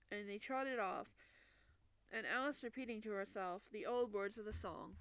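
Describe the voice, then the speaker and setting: Bright-voiced woman reading a storybook. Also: medium pitch, normal speed, no room sound. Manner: lively narration with small restarts. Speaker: storybook reader. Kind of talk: reading a classic children's book aloud.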